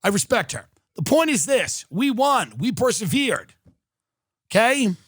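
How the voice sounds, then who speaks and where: A man's voice: high voice, very animated, measured pace, a bit bright, breathy edge, no room sound, clean studio sound. A man in his thirties hosting a podcast, ranting sarcastically in a mock-outraged comic style, swearing and acting out quotes. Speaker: podcast host. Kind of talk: comedic rant.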